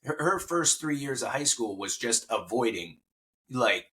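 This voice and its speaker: A man's voice: medium pitch, big pitch swings, a little slow, sharp tone, slight background noise. A man in his forties, a podcast guest, telling a personal story in casual conversation and getting emotional. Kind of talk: casual interview chat.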